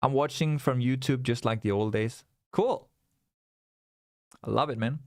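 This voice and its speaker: A man hosting a live trading stream, talking viewers through a chart with animated, coaxing commentary and repeated rhetorical questions. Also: mid-range voice, measured pace, dry recording, studio quality. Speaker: livestream trading host.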